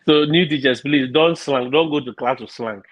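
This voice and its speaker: A man's voice: mid-range voice, normal speed, slight background noise. A man hosting a casual talk, speaking English with an African accent and an encouraging manner, often repeating words as he thinks aloud. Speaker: podcast host. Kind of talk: casual conversation. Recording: slightly dull lo-fi sound.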